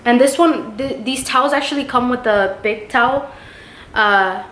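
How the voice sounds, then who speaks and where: Showing off baby clothes in a relaxed show-and-tell, this young woman gushes and fills her speech with fillers. She talks at a normal speed in a fairly high, fairly bright voice. The home recording sounds roomy, with a little background noise.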